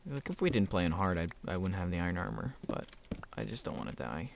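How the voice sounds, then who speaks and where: A teenage boy with a lowish voice chats his way through gameplay, rambling from one thought to the next and laughing often. Faint keyboard clicks and typing sit quietly behind him. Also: wildly swooping pitch, fast, vocal fry, a little hiss or hum. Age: teens. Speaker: gamer. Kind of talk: casual gameplay commentary.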